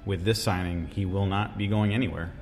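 Low-voiced man in an echoing room. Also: steady tone, brisk, darkish tone. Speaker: podcast co-host. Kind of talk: casual sports chat.

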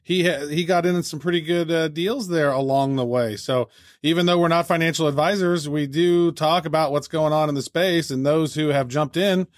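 A man's voice: fairly high pitch, no room sound, studio quality. A man co-hosting a casual podcast, talking enthusiastically with lots of fillers. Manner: enthusiastic, fast, many fillers. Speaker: podcast co-host.

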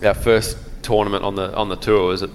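A man's voice: fairly low pitch, flat delivery, fairly quick, big-room sound, a little hiss or hum. A man guest on a podcast who keeps laughing as he tells an old story. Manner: laughing often while recounting a story. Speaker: podcast guest, pro golfer. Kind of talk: casual storytelling.

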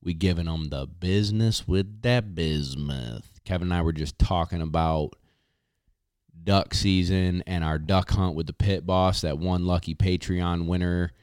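A man hosting a casual podcast, reading sponsor spots in a hyped, slangy way with drawn-out catchphrases. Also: low voice, fairly even intonation, darkish tone, smooth, no room sound, studio quality. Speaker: podcast host.

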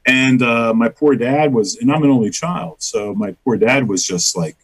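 A man's voice: mid-range voice, normal speed, rough recording. A middle-aged man, a comedian guest, telling rambling stories in a casual interview, laughing often and acting out quotes.

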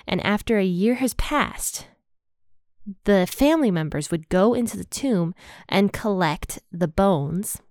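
A woman hosting a Bible podcast, walking through verses in a relaxed, conversational way with everyday phrasing. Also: on the low side, no room sound, studio quality. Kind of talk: casual Bible study teaching.

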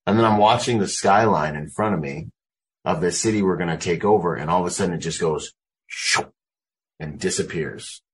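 A man in his forties, a Marine combat veteran and interview guest, telling animated war stories on a video call from home and dropping "man" and "you know" throughout. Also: sits low, fairly quick, a little hiss or hum. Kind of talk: casual storytelling on a video call.

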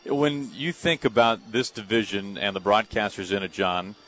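A man's voice: lowish voice, fairly even intonation, moderate pace, fairly bright tone, rough recording. A man interviewing a guest, asking questions and giving short replies. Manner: brief attentive replies.

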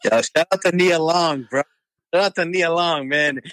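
A man's voice: fairly high pitch, moderate pace, fairly bright tone. A man co-hosting a casual sports podcast, making brash, punchy calls in slangy banter. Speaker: podcast co-host.

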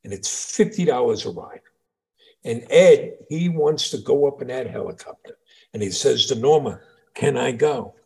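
Gravelly-voiced middle-aged storyteller man. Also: mid-range voice, moderate pace. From New York, USA. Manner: animated storyteller, reads stories aloud. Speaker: podcast co-host, father. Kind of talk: casual chat.

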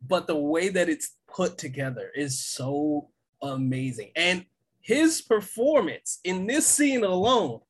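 A man co-hosting a podcast, talking in a casual, excitable way with lots of fillers and laughs. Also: a little high, slow, husky. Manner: excited, laughs often, many fillers and restarts. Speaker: podcast co-host. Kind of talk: casual chat.

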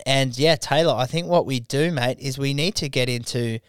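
A man's voice: medium pitch, normal speed, smooth, no echo, studio quality. A man co-hosting a casual comedy podcast, joking loosely and swearing freely. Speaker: podcast co-host.

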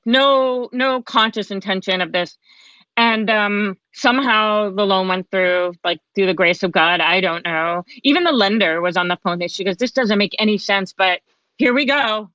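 A middle-aged woman talking as a podcast guest, telling a personal story in a lively, chatty way and acting out the lines of other people. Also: mid-range voice, no echo. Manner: animated, chatty, acts out quoted dialogue. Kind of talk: conversational storytelling. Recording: dull, dry lo-fi sound.

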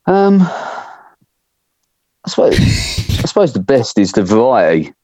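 A man's voice: medium pitch, huge pitch swings, slow, dark tone, no echo. A man with an English accent, a dairy farm worker and guest, talking in casual chat with dry, self-mocking humor. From England. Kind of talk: casual chat over a phone call. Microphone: phone call. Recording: muffled phone-line audio.

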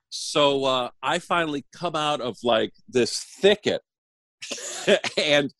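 A man guest telling a story with lots of laughter, animated and lively. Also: on the high side, slow pace, no room sound. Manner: laughing, lively anecdote teller. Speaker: podcast guest.

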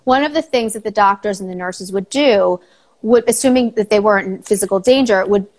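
A woman's voice: mid-range voice, brisk. A middle-aged woman, a psychologist guest, giving practical advice in a casual podcast chat, joking at times and then turning earnest.

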